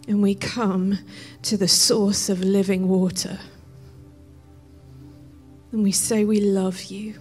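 A woman leading worship in a slow, gentle voice that often sinks to a whisper as she prays. She is encouraging and unhurried, and soft music plays faintly behind her. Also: mid-range voice, flat delivery. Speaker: worship leader and preacher. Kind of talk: sermon with guided prayer.

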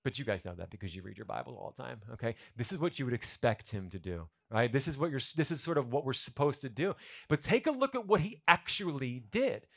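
A man's voice: mid-range voice, animated, fast, creaky. A male pastor giving a conversational sermon, retelling a story with humorous asides to the congregation.

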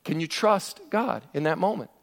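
A man with a fairly high voice delivers a sermon, earnest and emphatic, stumbling and restarting as he drives each point home. His words ring out through a large hall with a long reverb tail. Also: very animated, moderate pace, creaky. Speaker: pastor.

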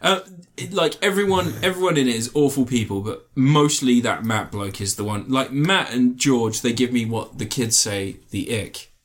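A man's voice: mid-range voice, moderate pace, hardly any pauses. A man co-hosting a casual podcast, swearing freely and acting out quotes while he tells stories about reality TV. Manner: sweary, animated storytelling with put-on quotes. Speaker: podcast co-host. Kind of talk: casual chat, reviewing reality TV.

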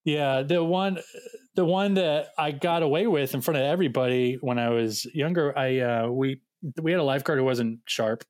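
A man who serves as a youth ministry director, telling funny camp stories in a relaxed conversational way and acting out the dialogue. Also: mid-range voice, moderate pace, no room sound. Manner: animated anecdote-telling with quoted dialogue. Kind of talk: casual storytelling.

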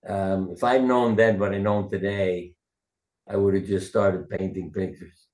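Older guy, retired surgeon, low voice, rambly stories in an echoey room. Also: fairly even intonation, moderate pace, a little mellow. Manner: rambling, anecdotal, acts out quotes. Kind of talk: casual interview storytelling. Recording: roomy echo.

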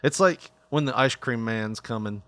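A man's voice: medium pitch, moderate pace, fairly bright tone. A male podcast host in casual, joking chat who laughs often.

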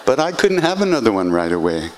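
An older man telling a personal story in an animated way, acting out voices and swearing freely. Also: fairly low pitch, fast, a crowd in the background, noisy background. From United States. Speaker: podcast host.

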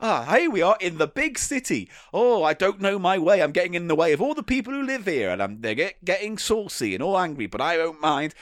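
Man voicing a naive, cheerful young Brit in sing-song, very high lilting delivery, adding silly sound effects; dry booth. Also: sing-song, brisk, few pauses, no echo. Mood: chirpy. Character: naive chirpy young man off to his first job.

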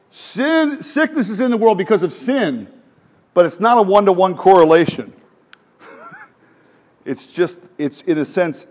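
Middle-aged male pastor, higher-pitched, animated sermon delivery with rhetorical questions.

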